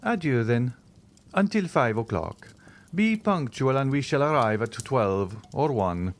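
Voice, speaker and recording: A man reading the part of a mysterious, reserved count who speaks in a measured, sighing way. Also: medium pitch, lively intonation, lightly acted.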